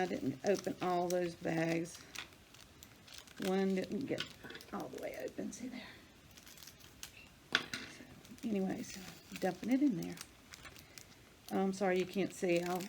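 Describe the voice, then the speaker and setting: A woman's voice: medium pitch, darkish tone, a little hiss or hum. Chatty older woman crafting. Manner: chatty, rambling, thinks aloud while working. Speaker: crafting vlogger. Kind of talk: casual hands-on craft demonstration.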